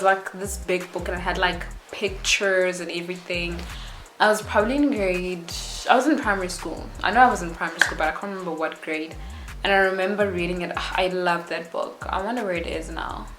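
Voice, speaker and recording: A young woman from Africa, chatting to camera in a rambling, animated way with lots of "like" and "yo". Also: on the low side, echoey room. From South Africa. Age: young adult. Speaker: YouTuber. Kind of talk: casual chat to camera.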